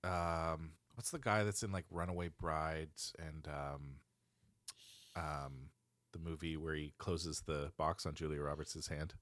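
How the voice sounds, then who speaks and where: A man's voice: extremely low pitch, fairly even intonation, a little slow, a bit bright, dry recording, clean studio sound. A man co-hosting a podcast in casual chat, laughing easily and stopping to search for names mid-sentence. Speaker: podcast co-host.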